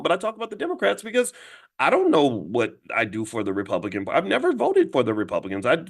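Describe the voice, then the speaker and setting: Rapid-fire emphatic male commentator. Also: wildly swooping pitch. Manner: emphatic, restarts words, pitch jumps high when making points; addresses listeners directly, asks them to respond. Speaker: commentator and host. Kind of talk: fast-talking political commentary monologue.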